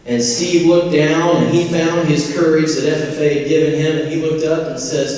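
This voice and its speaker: A man's voice: a little high, steady tone, normal speed, hardly any pauses, a little mellow. A man in his forties from Indiana giving a folksy, humorous motivational speech as a convocation speaker. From Indiana, USA. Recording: echoey hall from far off.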